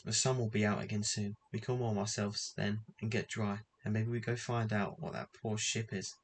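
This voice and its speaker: A man reading a storybook aloud, voicing an eager, hopeful boy who speaks in hurried pleas. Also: lowish voice, fairly even intonation, slight background noise, lightly acted.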